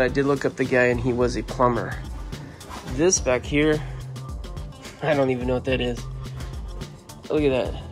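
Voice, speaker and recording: A man vlogging casually, telling a long story with many ums and restarts, then touring a storage unit he bought. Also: mid-range voice. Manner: chatty, rambling, frequent ums and restarts. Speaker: storage locker buyer and vlogger.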